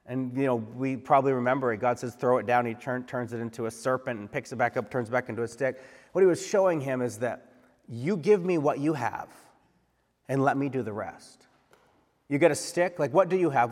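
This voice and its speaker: A male pastor preaching a sermon in a conversational, animated way, often acting out the voices he quotes. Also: medium pitch, a little fast. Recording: long hall reverb.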